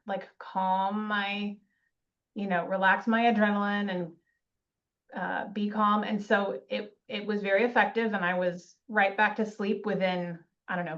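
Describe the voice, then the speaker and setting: A woman's voice: medium pitch, a bit bright. A woman co-presenting an online training session, chatty and telling stories with asides, heard over a video call. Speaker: webinar co-presenter. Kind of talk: casual online training talk. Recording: distant, dull lo-fi call audio.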